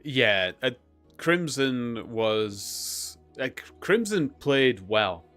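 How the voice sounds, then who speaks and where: A man's voice: medium pitch, sing-song, extremely slow, a bit bright, faint music behind. A man hosting a live stream, chatting casually in a rambling way with lots of fillers and chuckles. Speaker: streamer host.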